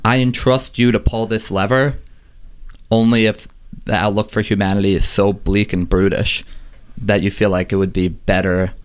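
A man voicing a talking desert guardian snake that is calm and persuasive, speaking quickly in his own deep voice. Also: clear, resonant tone, close to an everyday voice.

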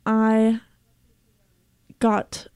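A woman's voice: on the high side, monotone, very slow, a little mellow, clear, resonant tone, dry recording. A young woman co-hosting a casual chat podcast, telling stories in a playful, chatty way. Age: young adult. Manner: storytelling, playful. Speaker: podcast co-host.

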